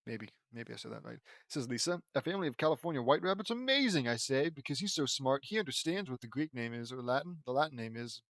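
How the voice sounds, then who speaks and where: A man's voice: medium pitch, lively intonation, quick pace, few pauses, no room sound. A man reading a fan-fiction audiobook aloud, stumbling over words and breaking in with sarcastic asides.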